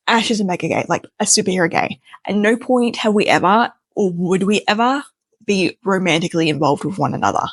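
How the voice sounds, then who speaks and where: A woman's voice: medium pitch, normal speed, no room sound. A young woman telling a wild personal story in a casual, chatty way, acting out the voices of the people in it. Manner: animated, chatty, acts out quoted voices.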